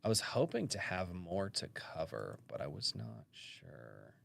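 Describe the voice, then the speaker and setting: A man's voice: sits low, big pitch swings, measured pace, vocal fry, fairly bright tone. A man hosting a live-stream podcast from a rural home, chatting casually and rambling with many fillers and restarts.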